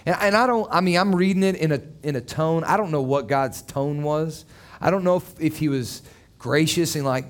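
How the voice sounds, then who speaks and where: Chatty man preaching, bright higher voice. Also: moderate pace. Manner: conversational and joking, with many fillers. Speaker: pastor. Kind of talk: sermon.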